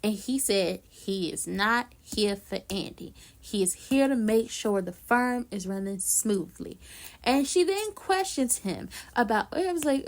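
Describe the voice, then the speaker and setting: A woman's voice: on the high side, unhurried. A woman recapping a TV episode in casual chat, sassy and blunt, full of slang and repeating lines for emphasis. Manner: slangy, animated asides. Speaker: YouTube reviewer.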